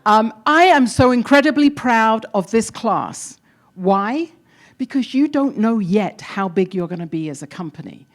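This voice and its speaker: A woman's voice: a little high, expressive, measured pace. A woman with an English accent, speaking live to an event crowd, upbeat and encouraging, chatting with the audience. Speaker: keynote presenter at demo day. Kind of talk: energetic live speech to an audience.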